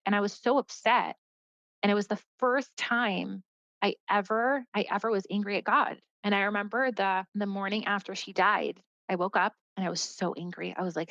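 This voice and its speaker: A woman's voice: mid-range voice, fairly even intonation, normal speed, vocal fry, fairly bright tone, dry recording. A woman talks as a podcast guest, recounting her story earnestly and casually. She leans on "like" as she goes. The audio is dry and slightly dull, with a lo-fi edge. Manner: earnest, heavy use of "like" as a filler.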